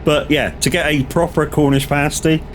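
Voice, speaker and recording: Slightly high-voiced and speaking at a moderate pace, a West Country gaming streamer from Southwest England keeps up easygoing live-stream chat. He reads his viewers' comments aloud and responds, relaxed, over slight background noise.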